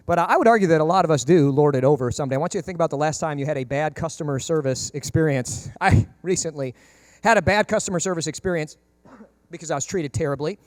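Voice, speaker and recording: A man preaching a lively, chatty sermon at a brisk clip, his voice sitting fairly high for a man. He slips into the voices of the people he quotes and throws in dry jokes as he goes. The sound is close and dry, with little room to it. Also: dry recording. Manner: animated, conversational, acts out quoted voices; humorous asides. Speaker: pastor.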